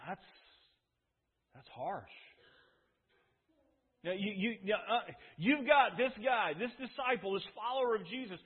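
Man, pastor, sermon, husky, tinny phone sound. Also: high voice, lively intonation, measured pace, pauses often. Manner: storytelling, emphatic with repeated restarts.

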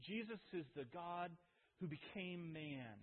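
A man preaching a sermon as a pastor, emphatic, with dramatic pauses and repeated phrases. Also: sits high, lively intonation. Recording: phone-like sound with long hall reverb.

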